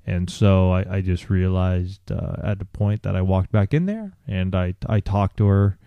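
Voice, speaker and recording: A man co-hosting a podcast, telling a candid personal story in a halting way, with many restarts and fillers. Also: deep voice, creaky, no echo, dull audio. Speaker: podcast co-host.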